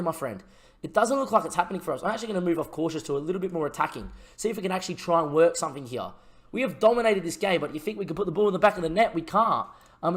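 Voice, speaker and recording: A young man commentating his own football management game in a casual, chatty way, getting loud and excited at big chances. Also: fairly high pitch. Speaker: gaming YouTuber.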